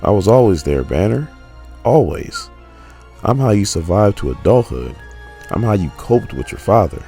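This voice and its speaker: Give me a gruff, boastful Hulk, dark and gravelly, as a man puts him on. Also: lowish voice, sing-song, moderate pace, soft background music, voice pushed up. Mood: taunting.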